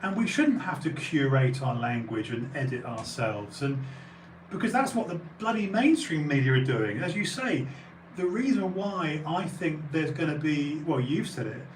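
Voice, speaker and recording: In this casual podcast conversation, a British auction house owner and live streamer rambles, full of fillers and restarts, with bursts of emphasis. His fairly high, animated voice moves at normal speed, captured on a distant, reverberant mic with a little hiss or hum and poor audio.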